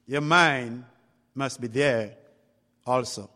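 A man preaching a sermon, speaking slowly and deliberately and rising into loud exclamations. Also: mid-range voice, expressive, big-room sound. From outside Canada.

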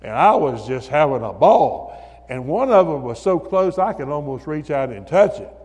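A man preaching a sermon in church, building to shouted hallelujahs and calling on listeners by name. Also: on the high side, very animated, moderate pace. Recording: long reverb of a hall.

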